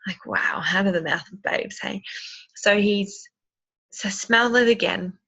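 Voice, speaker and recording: A woman's voice: medium pitch, measured pace, creaky, sharp tone, husky. A woman, chatting enthusiastically and rambling with many ums in a casual tutorial. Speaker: essential oils seller. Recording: dull lo-fi sound.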